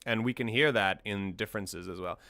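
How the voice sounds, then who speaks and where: Man, low voice, smooth and clear, music analysis host, casual thoughtful chat, dry close mic. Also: fairly quick, pushed and bright, no room sound. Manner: thoughtful, repeats words while thinking.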